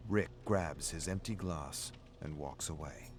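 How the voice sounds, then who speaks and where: A man narrating a story in an even, measured reading style. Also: extremely low pitch, loud music behind the voice.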